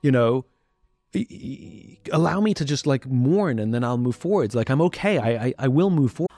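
A man's voice: mid-range voice, normal speed, no room sound. Reflective man talking candidly. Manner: reflective, blunt, animated when quoting others. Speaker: podcast guest. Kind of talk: candid conversational talk.

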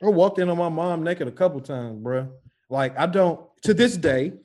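Speaking at a moderate pace in a slightly high voice, a man shares crude stories from his childhood during a casual podcast chat. He's a profane, animated storyteller who acts out the voices of the people he quotes.

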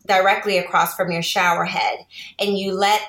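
A woman's voice: mid-range voice, level tone, moderate pace, a bit bright. A woman in her thirties, a podcast guest and small business owner, explaining things at length in casual chat and laughing often. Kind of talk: casual interview talk. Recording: roomy echo.

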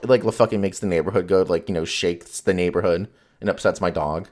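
Low-voiced man rambling casually. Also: steady tone, brisk, darkish tone. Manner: rambling, profane, filler-heavy. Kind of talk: casual chat.

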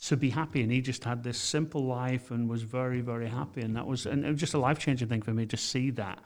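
A man's voice: mid-range voice, fairly even intonation, quick pace, a little mellow. A man from the United Kingdom, chatting casually as a podcast co-host and telling long, rambling stories full of restarts. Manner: rambling storyteller, many restarts and fillers. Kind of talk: casual chat.

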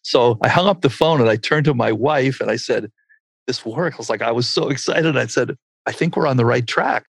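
A man's voice: medium pitch, fairly quick, vocal fry, breathy edge, dry recording. An older man, a medical researcher, tells a story in an interview and acts out the quotes as he goes. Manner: animated storyteller acting out quotes.

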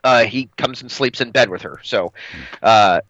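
A man's voice: mid-range voice, moderate pace, no room sound, dull audio. A man in his thirties co-hosting a podcast, telling a story in casual chat and acting out the voices he quotes. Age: 30s. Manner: animated, acts out quoted voices, laughs often. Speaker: podcast co-host.

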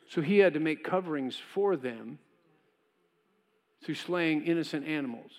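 A male pastor with a fairly high voice speaks at normal speed, the church giving it a big-room sound. He preaches in a conversational way, briefly voicing God and Cain from his story.

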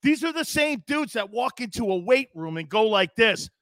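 A man hosting a sports talk show, talking loudly and brashly and often breaking into shouts. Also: very high voice, sing-song, moderate pace, no echo, studio quality. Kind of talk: ranting sports talk monologue.

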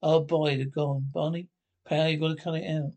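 Actor doing a gruff, boastful caveman husband, husky and gravelly, pitched a bit high, for a 1960s cartoon. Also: flat delivery, normal speed, a little mellow, natural voice. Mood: panicked.

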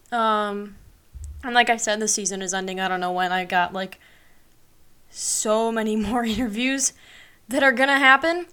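A young woman in her late teens or early twenties talks through her podcast in a loose, upbeat ramble, filling gaps with ums and likes. Her voice is smooth and clear, sitting at an ordinary middle pitch. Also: fairly bright tone. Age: young adult. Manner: rambling, upbeat, lots of fillers and laughs. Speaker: podcast host. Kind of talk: casual solo podcast chat.

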